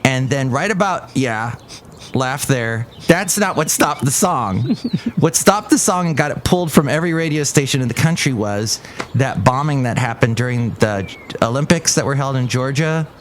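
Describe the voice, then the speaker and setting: A man's voice: medium pitch, expressive, normal speed, slight background noise. A middle-aged man hosting a podcast, talking casually with a rambling, filler-heavy manner. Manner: rambling, chatty, full of fillers. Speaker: podcast host. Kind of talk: casual chat.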